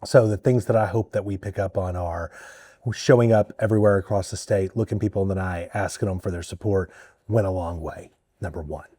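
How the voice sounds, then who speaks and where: Blunt, husky-voiced man in dry close sound. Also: deep voice, steady tone, a little fast, warm tone, no room sound. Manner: candid, blunt, mildly profane. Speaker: state party chair. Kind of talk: political interview conversation.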